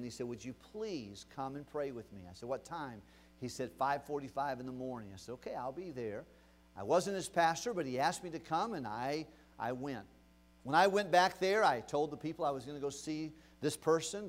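A man preaching as a pastor, telling a story from his ministry with animated, shifting emphasis. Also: a little high. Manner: animated, swings between loud emphasis and quiet retelling. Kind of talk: sermon storytelling.

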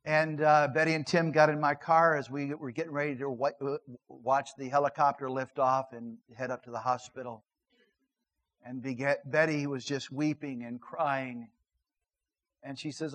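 A middle-aged man, a pastor, preaching a sermon and telling a personal story, moving between loud emphatic lines and hushed, earnest narration. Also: medium pitch, steady tone, unhurried, poor audio.

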